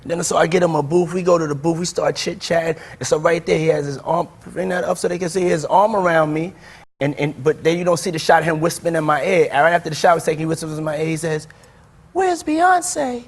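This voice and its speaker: A man telling a funny anecdote in a talk interview, animated and laughing often. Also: a little high, quick pace.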